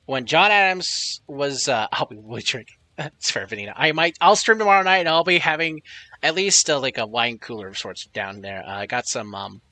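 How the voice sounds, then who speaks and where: A man's voice: medium pitch, fairly quick, pushed and bright. A man streaming live, chatting casually and rambling with lots of swearing while reading chat messages aloud.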